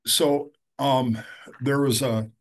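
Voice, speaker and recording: A middle-aged man, a recovery counselor, talking earnestly and with feeling, with some halting fillers. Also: mid-range voice, steady tone. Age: middle-aged or older. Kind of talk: conversational storytelling.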